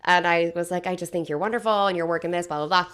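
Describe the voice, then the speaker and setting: A young woman, a variety show cast member, telling a story in casual, animated chat full of fillers. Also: on the low side, fast. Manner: chatty, animated, filler-heavy.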